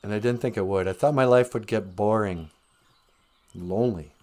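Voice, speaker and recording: A man hosting a casual live-stream podcast, teaching words in an unhurried, musing way and chuckling often. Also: on the low side, darkish tone.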